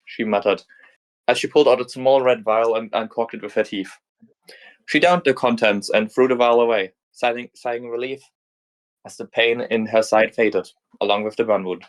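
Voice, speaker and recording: A man's voice: medium pitch, fairly even intonation, a little fast. A man reading a fan story aloud in a casual narration, with small slips and restarts. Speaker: fanfic reader.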